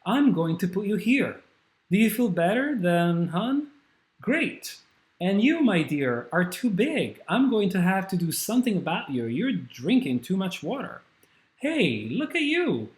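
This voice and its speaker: A man's voice: high-pitched, very animated, measured pace, roomy sound, pitched above the performer's own voice. A man voicing an elderly woman who chats fondly with her potted plants and argues with them, read from a stage script. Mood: doting. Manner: doting, bickering with plants that answer back. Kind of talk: dramatic script reading.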